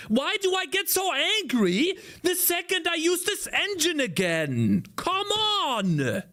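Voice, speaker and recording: A man's voice: extremely high pitch, wildly swooping pitch, a little slow, few pauses, bright, forceful tone. A man developing a game while talking to himself, frustrated and swearing, his voice strained from screaming. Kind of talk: casual livestream coding commentary.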